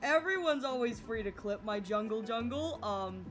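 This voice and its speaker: Young woman streaming from home, high bright voice, laughs a lot and rambles, faint game music underneath. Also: animated, moderate pace. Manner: giggly, chatty, rambling. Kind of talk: casual live-stream chat.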